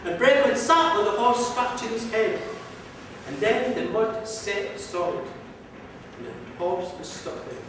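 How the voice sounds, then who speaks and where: A man's voice: sits high, animated, measured pace, noisy background. A man telling an old folk tale in a lilting, rhythmic way, recorded with a distant mic in a museum hall. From Ireland. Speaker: storyteller. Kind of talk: live folk storytelling. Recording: echoey hall from far off.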